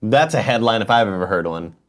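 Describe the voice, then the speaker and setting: A man's voice: lowish voice, animated, fairly quick. A man co-hosting a comedy show, joking and cutting in with quips. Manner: joking, interjecting. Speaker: co-host. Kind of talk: casual banter.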